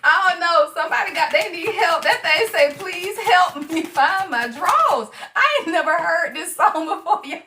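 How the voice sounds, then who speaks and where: A woman's voice: very high voice, lively intonation, normal speed, few pauses, bright, forceful tone, echoey room, recorded from a distance, slight background noise. A woman doing a casual live-streamed tarot reading, slangy and laughing often as she talks to her viewers. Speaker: tarot reader.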